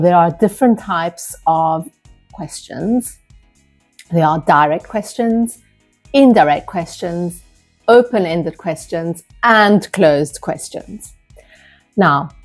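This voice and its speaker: Measured woman teaching English grammar. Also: lowish voice, gravelly. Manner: measured, explains with spoken examples, frequent "uh" pauses. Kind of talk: explanatory grammar lesson.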